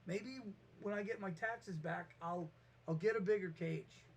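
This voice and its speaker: A man with a fairly high voice talks off the cuff in a vlog. He rambles, trips over his starts and throws himself into acting out every back-and-forth. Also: unhurried, slight background noise. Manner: rambling, animated, restarts and acts out quotes. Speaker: vlogger. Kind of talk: casual storytelling monologue.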